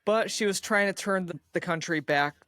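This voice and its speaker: A woman co-hosting a podcast, chatting casually and retelling history in a relaxed, plain way. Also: on the low side, moderate pace, dry recording, studio quality. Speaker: podcast co-host.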